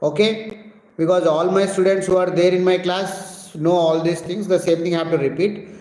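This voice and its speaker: A man's voice: high voice, fairly even intonation, normal speed, a little mellow. Man teacher with a Telugu accent, echoey room. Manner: reads viewer questions aloud and answers them. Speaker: physics teacher. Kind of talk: live-stream Q&A. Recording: echoey room with long reverb.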